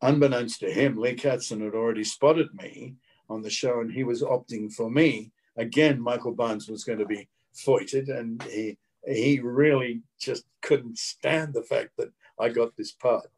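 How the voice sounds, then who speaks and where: A man's voice: medium pitch, a little slow, breathy edge. An older man with an Australian accent, a guest actor telling anecdotes in an interview and mimicking the people in them. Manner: lively raconteur who mimics the people in his stories.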